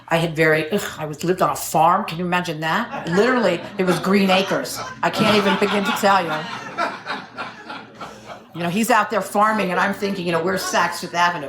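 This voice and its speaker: A middle-aged woman telling her recovery story at a meeting, wry and self-mocking, joking as she goes. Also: on the low side. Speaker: AA speaker. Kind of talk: personal recovery talk at a meeting. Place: meeting room. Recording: echoey meeting room.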